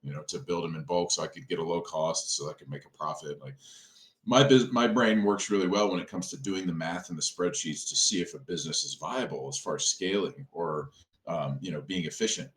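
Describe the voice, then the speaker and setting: A man who owns a restaurant, a podcast guest telling stories in a casual, animated way and acting out the people he quotes. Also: low voice, a little fast. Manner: animated, acts out quoted dialogue. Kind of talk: casual storytelling conversation. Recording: echoey room.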